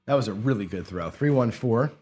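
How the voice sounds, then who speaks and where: A man with a husky, medium-pitched voice talks fairly quickly while hosting a craps strategy session. He narrates each roll and payout to camera as he throws the dice, casual throughout but breaking into excitement on good rolls.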